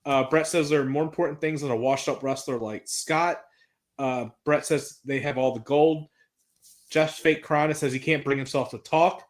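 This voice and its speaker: Man, slightly high voice, casual podcast recap, excitable, swears a lot. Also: normal speed. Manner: excitable, swears freely, reads out promo quotes. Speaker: podcast co-host recapping wrestling.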